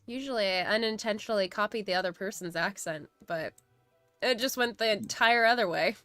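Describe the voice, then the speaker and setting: A woman's voice: medium pitch, brisk, fairly bright tone, dry recording, faint music behind. A woman hosting a casual study live stream, chatting and reading chat messages aloud with frequent laughs.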